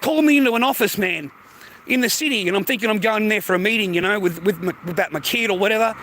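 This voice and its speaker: Profane ranting Australian man, high voice. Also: fast, bright, forceful tone, a little hiss or hum, low-quality recording. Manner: profane, repetitive, heated. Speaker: streamer. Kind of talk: casual ranting monologue.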